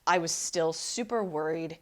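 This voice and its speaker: A woman's voice: low voice, unhurried. A woman life coach hosting a podcast, telling a personal story and giving relationship advice in an emphatic, conversational way, often asking "right?". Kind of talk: solo podcast talk.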